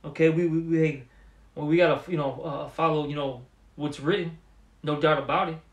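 A man giving an informal religious lesson, halting often and repeating words, with many fillers, and calling the listener "man". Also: on the high side, fairly even intonation, roomy sound. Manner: streetwise, addresses listener as man. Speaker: religious teacher.

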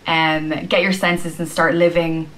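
A woman from Ireland with an Irish accent, patiently explaining slang phrases and acting out examples, with frequent pauses and "um". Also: deep voice, level tone, fairly bright tone, slight background noise, rough recording. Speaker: slang teacher in a video.

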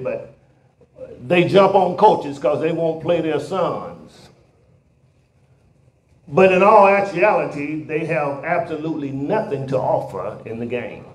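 High-voiced pastor preaching. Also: male voice. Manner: builds to shouted emphatic climaxes. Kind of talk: sermon. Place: church sanctuary. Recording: roomy church hall echo.

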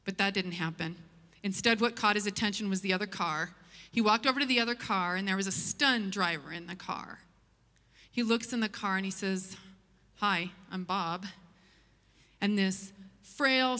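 A woman telling a story in a church sermon, lively and humorous as she tells it. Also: mid-range voice, moderate pace, long reverb tail. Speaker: church speaker. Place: church auditorium.

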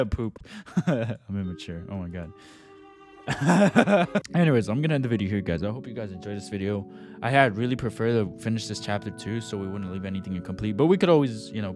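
A man commentating his own horror game playthrough, slangy and excitable, bursting into high yelps when startled. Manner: slangy, says bro a lot. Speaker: gaming YouTuber. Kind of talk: let's play commentary. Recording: game music playing loud behind.

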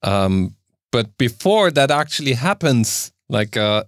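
A man's voice: medium pitch, lively intonation, measured pace, dry recording, clean studio sound. A man from Germany, a native German speaker, co-hosting a podcast. He explains things carefully in a casual chat, with many hesitant fillers. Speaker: podcast co-host.

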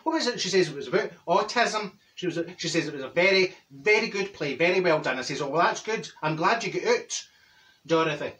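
A man doing a cheeky gossipy Glaswegian woman, high voice, bright edge, Glaswegian accent, a bit distant from the mic. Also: lively intonation, fairly quick. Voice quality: chatty, gossipy storytelling with Scots words. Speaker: comedy character host. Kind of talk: comic character monologue.

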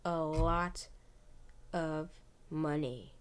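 A woman casually commenting on her gameplay as she plays, chatty and excitable, breaking into gasps and exclamations. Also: low-pitched, extremely slow, clear, resonant tone. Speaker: gamer.

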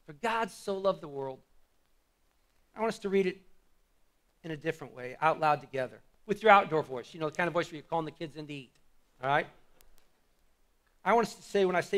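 A man preaching a sermon as pastor to a church congregation, fervent and swinging between hushed and shouted lines. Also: fairly high pitch, animated, normal speed, pauses often.

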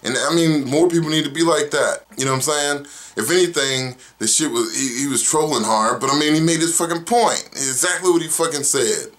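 A man's voice: on the high side, fairly quick. A young man from Oklahoma hosting his own vlog, ranting casually with lots of swearing and rambling asides. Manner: profane, animated, rambling. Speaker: vlog host. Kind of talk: casual opinion rant.

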